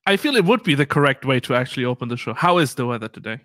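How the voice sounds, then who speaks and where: Bright-voiced man bantering on a podcast. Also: mid-range voice, big pitch swings, rapid-fire, dry recording. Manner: laughs easily, playful banter. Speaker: podcast co-host. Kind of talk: casual chat. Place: Munich home.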